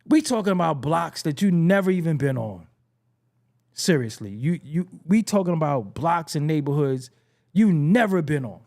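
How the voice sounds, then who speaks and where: A man's voice: fairly high pitch, animated, normal speed, a little mellow. A young American man hosting hip-hop commentary, ranting casually with profanity, restarts and laughs. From United States. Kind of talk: casual rant to camera.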